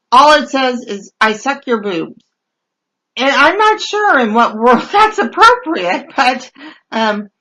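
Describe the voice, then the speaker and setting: A woman telling funny stories in a casual, wry, deadpan way, full of hesitant fillers, as she reads out messages she got on a dating site. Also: a little high, rough recording. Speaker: podcast host reading dating-site messages. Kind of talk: casual comedic storytelling.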